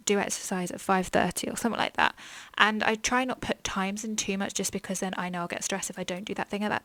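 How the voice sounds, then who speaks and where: A woman's voice: medium pitch, vocal fry, a bit bright, no echo. A young woman hosting a podcast, chatting candidly about her mental health in a rambling, frank way, full of likes and ums. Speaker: podcast host.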